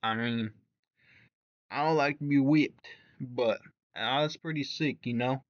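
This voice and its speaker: A man's voice: mid-range voice, takes it slowly, no room sound, lo-fi sound. A man reviewing characters in casual commentary, reading text aloud and stumbling over words, full of fillers and restarts. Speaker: YouTube reviewer.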